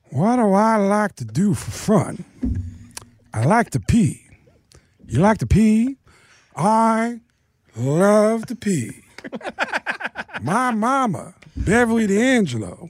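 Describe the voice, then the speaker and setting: A man voicing a male baby who talks like a gruff grown tough guy, with a gravelly drawl. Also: high-pitched, no room sound, pitched above the performer's own voice, exaggerated voice.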